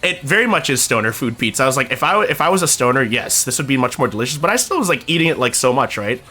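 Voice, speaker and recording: A young man from Canada casually telling a story to his stream chat, swearing now and then and acting out quotes. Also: very fast. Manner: animated, swears casually, acts out quotes with big pitch jumps.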